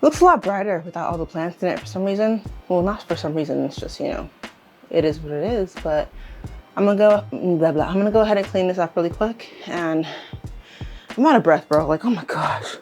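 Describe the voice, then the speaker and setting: A young woman chatting casually as she shows and rearranges her plants, rambling, correcting herself and getting excited. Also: fairly low pitch, fast, faint music behind. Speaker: plant vlogger. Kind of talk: casual vlog chat while working. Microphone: handheld camera on tripod.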